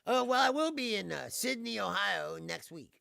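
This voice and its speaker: Comedian host, male, gravelly and bright, laughs through rambling chat. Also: high voice, lively intonation, moderate pace, no echo, clean studio sound. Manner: laughs often, loose rambling storytelling. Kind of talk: casual livestream chat.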